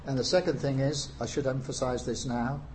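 A man's voice: mid-range voice, fairly even intonation, darkish tone, slight background noise. Man preaching a sermon. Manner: unhurried, frequent "uh" pauses, rising emphasis on key phrases.

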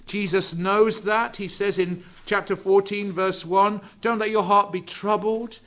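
A man preaching a sermon, slow and deliberate, drawing out key words and dropping to a hush for emphasis. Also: sits high, steady tone. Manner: drops to hushed, quiet emphasis on key words.

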